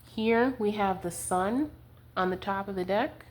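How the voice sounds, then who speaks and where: A young woman gives a casual tarot reading into a handheld camera, picked up by its built-in mic, chatting and giggling with plenty of fillers. Her voice is mid-range and a little slow.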